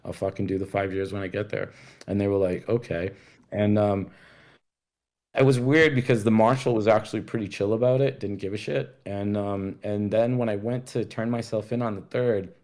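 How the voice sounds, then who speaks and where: A man's voice: lowish voice, steady tone, moderate pace, darkish tone. A man from Rhode Island telling a story as a guest in a casual chat, laid-back and swearing freely while acting out the dialogue.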